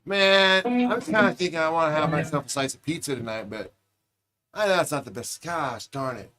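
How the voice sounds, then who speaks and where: A man's voice: a little high, animated, brisk, bright, forceful tone. Laid-back rambling man livestreaming. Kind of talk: casual chat with live viewers. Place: large public train terminal.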